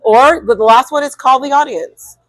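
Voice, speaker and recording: A woman co-hosting a podcast, talking emphatically and acting out quick inner monologues. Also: high voice, dry recording, poor audio. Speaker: co-host. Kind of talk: animated podcast conversation.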